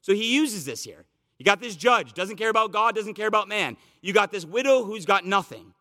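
A man preaches a verse-by-verse sermon with a high, bright, ringing voice. He talks through the text in a chatty teaching way, then drives home points with emphatic repetition. His voice trails a long reverb, as in a large hall. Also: animated, a little fast. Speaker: pastor. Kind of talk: expository sermon.

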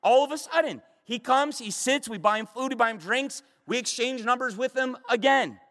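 A man delivers a fervent sermon in a strikingly high voice, leaning hard into emphatic declarations and falling to quiet asides. His words trail off into a long, echoing hall reverb. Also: normal speed. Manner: fervent, emphatic, swinging between loud and hushed. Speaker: preacher.

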